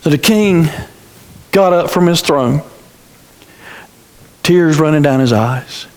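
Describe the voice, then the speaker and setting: Slow, high-voiced preacher. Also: male voice. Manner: dramatic storytelling, repeats phrases, stumbles and restarts. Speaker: pastor. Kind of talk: sermon. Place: church sanctuary. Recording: reverberant church hall.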